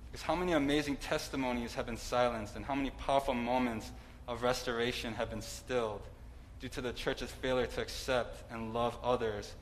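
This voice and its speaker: A man's voice: mid-range voice, steady tone, fairly quick, a little hiss or hum, rough recording. A man preaching a sermon in a conversational way, with asides and some humor.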